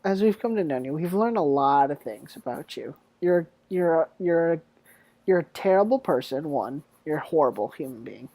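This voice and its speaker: A man's voice: on the high side, expressive, normal speed, dark tone, no echo. A young man hosting a casual podcast chat, joking and teasing his guests and laughing often. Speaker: podcast host.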